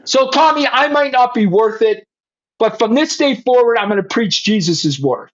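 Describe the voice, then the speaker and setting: A man's voice: very high-pitched, lively intonation, moderate pace. Blunt, profane middle-aged man testifying. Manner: blunt, profane, addresses the host directly. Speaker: former police chief telling his faith story. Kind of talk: emotional personal testimony. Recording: slightly muffled lo-fi sound.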